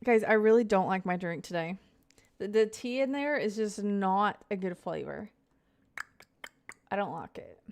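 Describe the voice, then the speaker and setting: A woman's voice: medium pitch, lively intonation, a little slow, pauses often, darkish tone. A young woman in her twenties chatting casually on a live stream, greeting viewers by name and rambling through stories.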